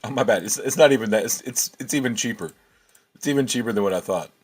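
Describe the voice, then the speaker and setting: A man's voice: mid-range voice, quick pace, breathy edge, faint music behind. A man hosting a casual livestream, thinking aloud and answering chat with many restarts.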